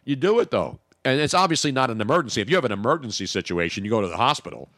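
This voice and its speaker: A man hosting a radio talk show, joking and animated in casual banter. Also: mid-range voice, racing, dry recording, clean studio sound. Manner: animated, jokey, talks over co-host.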